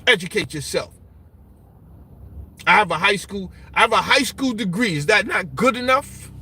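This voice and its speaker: In this Brooklyn clip, a man with a high-pitched voice talks at normal speed over slight background noise. He answers viewer comments in a casual, mocking, animated way, offering his opinions and repeating "you understand?" over and over.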